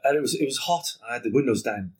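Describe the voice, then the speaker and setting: A man chats as a podcast guest with a husky, breathy edge to his voice at an ordinary middle pitch. He tells his story with energy, swears freely and slips into the voices of the people he quotes. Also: lively intonation, fast. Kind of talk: casual storytelling conversation.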